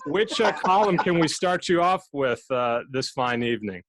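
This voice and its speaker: A man hosting a live game show over a video call, talking in a relaxed, chatty way with plenty of fillers. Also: on the high side, moderate pace, background noise.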